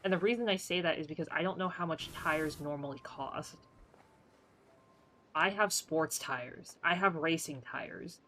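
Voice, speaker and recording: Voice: medium pitch, measured pace, bright, forceful tone, slight background noise, low-quality recording. A streamer chatting casually on a live game stream, telling a rambling story full of fillers with a playfully sarcastic edge. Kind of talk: casual livestream chat.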